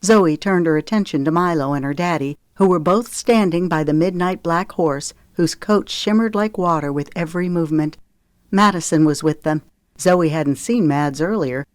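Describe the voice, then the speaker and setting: A woman narrating an audiobook in a steady, even storytelling manner. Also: on the low side, no room sound, clean studio sound. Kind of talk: scripted narration.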